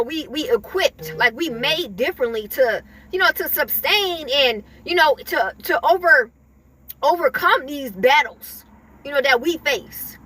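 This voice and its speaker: Woman vlogger, very high voice, bright and sharp, emphatic spiritual pep talk, repeats herself. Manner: emphatic, repetitive, chuckles between points.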